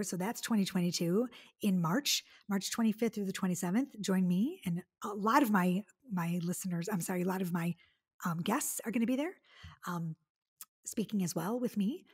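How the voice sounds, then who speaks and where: A woman's voice: fairly low pitch, fairly quick, breathy edge. A woman in her forties from the Detroit area hosting her own podcast, chatty and effusive, with lots of fillers. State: tearful. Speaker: podcast host. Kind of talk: casual solo podcast monologue.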